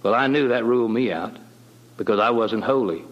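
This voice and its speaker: A middle-aged man, appearing as a guest, shares the story of his conversion in a folksy, plain-spoken manner with homespun grammar. His voice sits in the mid range and moves fairly quickly, and the high frequencies are cut off.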